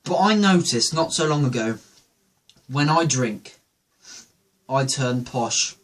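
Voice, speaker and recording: A man's voice: medium pitch, animated, takes it slowly, fairly bright tone. A man hosting a show, telling a rambling, jokey comedic monologue. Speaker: host.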